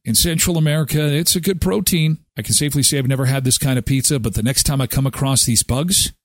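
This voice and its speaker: A man's voice: mid-range voice, quick pace, no echo, studio quality. A man hosting a live daily show in casual chat, reacting with exclamations and jokes. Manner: animated, exclaiming and joking.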